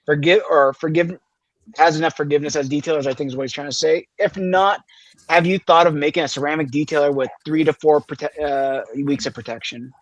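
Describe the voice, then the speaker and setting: A man's voice: a little high, fairly even intonation, a little fast, dry recording, poor audio. A man hosting a podcast, reading out viewer questions in an upbeat, joking way. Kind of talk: casual podcast chat.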